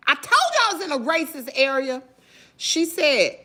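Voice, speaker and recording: A woman's voice: high-pitched, normal speed. Indignant Southern woman vlogger. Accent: Southern American. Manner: animated, indignant storytelling, addresses viewers as y'all. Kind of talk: storytime vlog.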